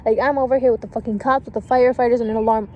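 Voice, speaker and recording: A woman's voice: a little high, fairly even intonation, rapid-fire, highs cut off. A young woman casually telling a storytime vlog, swearing a lot and filling her talk with "like" and "and shit.". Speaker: vlogger. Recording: faint background noise.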